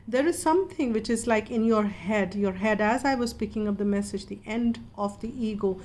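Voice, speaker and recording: A woman giving a calm, meandering spiritual tarot reading in a gentle, reassuring way. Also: medium pitch, moderate pace. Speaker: tarot reader.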